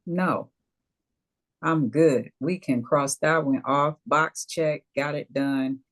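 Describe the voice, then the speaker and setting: A woman co-hosting a casual talk show, lively and emphatic, with playful asides to the audience. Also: low-pitched, slow.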